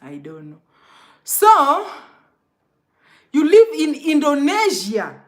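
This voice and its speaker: A woman's voice: high-pitched, huge pitch swings, slow pace. A young Kenyan woman chatting casually on a live stream, greeting commenters by name and laughing often.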